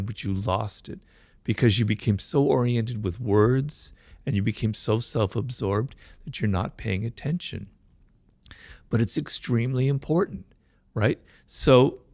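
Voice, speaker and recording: A middle-aged man talking fast and emphatically as an author in an interview, often checking in with "right?". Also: mid-range voice, a little mellow, no room sound. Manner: fast-talking, admits his mind races; emphatic, peppers points with "right?". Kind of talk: conversational interview.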